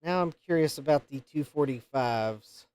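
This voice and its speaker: A man's voice: fairly high pitch, moderate pace, darkish tone, clear, resonant tone, no echo. A man hosting a live repair stream, thinking aloud and counting pins as he checks a circuit board. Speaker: host of a retro computer repair livestream.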